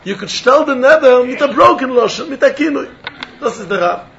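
A man's voice: very high-pitched, expressive, fairly quick, gravelly, a bit bright, muffled recording, a little hiss or hum. A man teaching a Talmud lecture, repeating phrases and mixing in Hebrew and terms.

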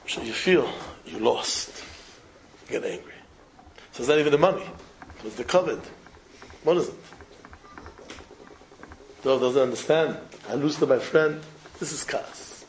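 A man's voice: medium pitch, a little slow, long pauses, slight background noise, poor audio. A man giving a Torah lecture, telling a parable and repeating phrases for emphasis, with Hebrew and Yiddish terms woven in. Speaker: rabbi giving a talk.

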